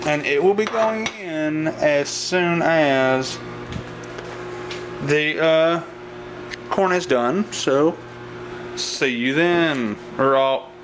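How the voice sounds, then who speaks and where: A man's voice: on the high side, fairly bright tone. A man hosting a casual home cooking video, rambling with lots of fillers and restarts in his kitchen. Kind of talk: casual cooking vlog talk. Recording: noisy home kitchen recording. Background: clattering dishes and cutlery.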